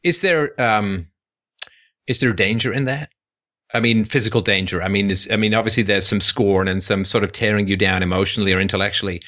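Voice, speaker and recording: A man's voice: on the low side, fairly quick, bright, forceful tone. A man with a British accent hosting a call-in show, asking probing questions with dry sarcasm.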